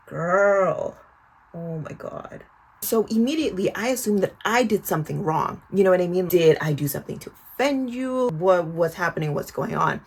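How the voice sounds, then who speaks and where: A young woman in her twenties tells a storytime to her viewers with a slightly husky, breathy voice that sits a little low. She is chatty and animated, swears freely and keeps calling the viewer "girl" as she works through her skincare routine. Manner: talks while doing a skincare routine. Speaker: vlogger. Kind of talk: casual storytime vlog.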